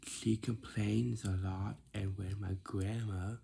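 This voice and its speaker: A man's voice: fairly low pitch, level tone, slow, vocal fry, mellow, slightly rough. A man telling a casual, rambling story, often stopping to repeat and correct himself.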